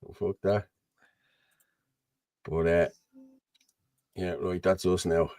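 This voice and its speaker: A man's voice: low-pitched, level tone, takes it slowly, darkish tone, no room sound. An Irish man hosting a casual political chat over a video call, rambling and blunt, often asking "you know what I mean". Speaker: host.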